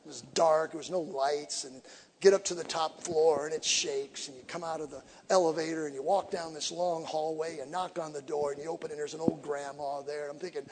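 A man preaching as an evangelist, telling stories with humor and swinging from quiet to shouting. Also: high voice, normal speed, a little hiss or hum. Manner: animated storytelling with humor, shifts from quiet to shouting. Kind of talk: sermon. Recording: echoey hall reverb.

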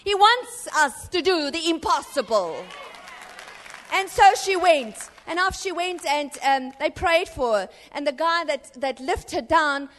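High-voiced woman preaching in echoing church. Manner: impassioned, rising to urgent exhortation and dropping to hushed tones. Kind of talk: sermon.

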